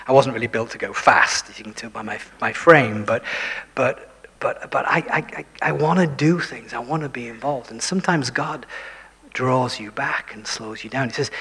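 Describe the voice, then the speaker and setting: A preacher delivers his sermon in a husky, slightly breathy voice that carries a long reverb off the hall. He sinks into whispers at key points and turns often to the congregation with questions and wry remarks about himself. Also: medium pitch. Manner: shifts between full voice and hushed whispers for emphasis; self-deprecating, asks the listeners questions.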